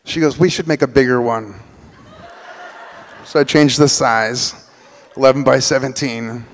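Male storyteller, lively delivery that acts out other people's voices, mid pitch, long hall reverb. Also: a little slow. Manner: animated, acts out quoted voices. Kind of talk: live personal storytelling.

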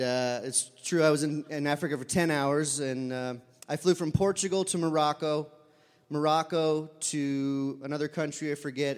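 A man's voice: medium pitch, clean tone, big-room sound. A man telling a personal story live, casual and conversational with fillers, sometimes acting out voices.

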